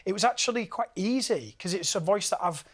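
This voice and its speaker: A man in his thirties with a Yorkshire accent, a singer telling stories as an interview guest, lively and laughing often, restarting his sentences. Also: sits high, a little fast, husky. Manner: animated, laughs often, repeats words as he restarts. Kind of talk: casual interview chat.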